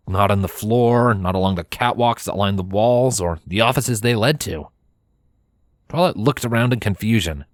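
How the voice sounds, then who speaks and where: A man narrating a fanfiction chapter aloud in steady, expressive storytelling. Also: fairly low pitch, no echo, studio quality. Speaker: fanfiction reader. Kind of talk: scripted narration.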